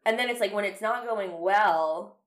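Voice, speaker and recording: A woman's voice: mid-range voice, moderate pace. A young woman co-hosting a film podcast, talking in an earnest, rambling way with many restarts. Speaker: podcast co-host. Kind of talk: casual film discussion. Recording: roomy echo.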